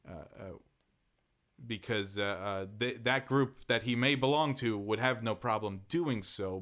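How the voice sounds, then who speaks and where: A man's voice: mid-range voice, a bit bright. An American man co-hosting a podcast, talking through politics with many fillers and false starts. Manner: hesitant, many fillers and restarts. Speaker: podcast co-host. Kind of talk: casual political podcast talk.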